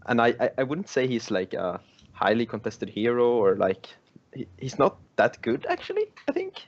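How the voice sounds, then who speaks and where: A man, an esports player guest, speaking hesitantly in casual chat and pausing to search for words. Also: mid-range voice, huge pitch swings, dull audio.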